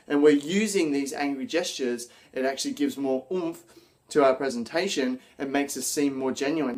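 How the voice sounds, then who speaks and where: A man presenting an instructional video on public speaking, energetic and acting out example lines as he explains. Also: a little high, normal speed.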